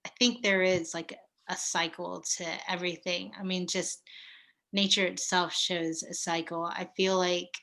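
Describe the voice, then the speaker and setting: Woman in her thirties, unhurried and earnest, bright voice, gentle heartfelt conversation. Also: fairly low pitch, level tone, vocal fry. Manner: slow, reflective, with soft laughs and pauses. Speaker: guest. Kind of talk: casual heartfelt chat.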